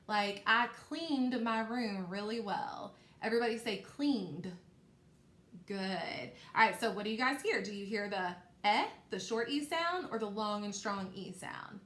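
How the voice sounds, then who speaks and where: A woman teacher giving a phonics lesson to young children, stretching out words slowly and encouraging them. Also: mid-range voice, a bit bright. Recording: echoey room, faint background noise.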